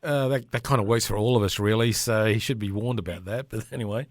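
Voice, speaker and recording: A man's voice: lowish voice, quick pace, no room sound, studio quality. A man with an Australian accent hosting a radio show, chatting in easygoing banter with his guest. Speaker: radio host. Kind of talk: casual radio interview. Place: radio studio.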